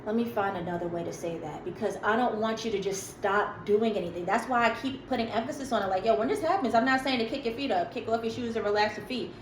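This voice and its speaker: A woman's voice: fairly high pitch, quick pace, few pauses, echoey room, a little hiss or hum, low-quality recording. A woman giving a casual tarot reading to her viewers, chatty and emphatic, with slangy asides. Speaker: tarot reader.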